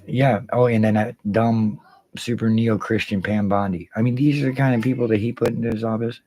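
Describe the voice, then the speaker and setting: Low-voiced swearing livestream guy. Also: a little mellow, a little hiss or hum, rough recording. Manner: rambling, profane, greets viewers by name. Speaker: livestream host. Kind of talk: casual livestream chat.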